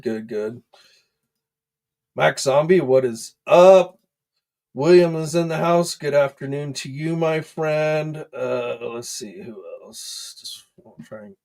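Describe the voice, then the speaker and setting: A man hosting a casual livestream into his desk microphone. His pitch sits in the middle for a man, and he talks loosely, with frequent filler words and restarts. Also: darkish tone. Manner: chatty, many fillers, greets viewers by name. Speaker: host of an action figure news livestream.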